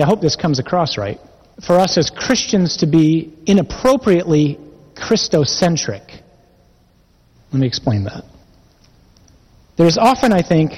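A man delivers an earnest sermon in a slightly high, husky voice. His words ring out with a long echo, as in a church hall, and he climbs higher in pitch when he quotes scripture. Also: darkish tone. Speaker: priest or preacher.

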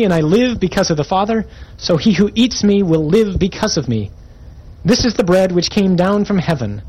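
A man's voice: on the high side, darkish tone, breathy edge, rough recording. A man preaching a sermon, reading scripture aloud and commenting on it with emphatic, rising intensity.

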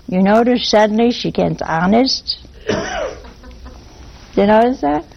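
A woman preaching a sermon, animated and throwing rhetorical questions at her listeners. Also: mid-range voice, unhurried, creaky, dull audio, noisy background.

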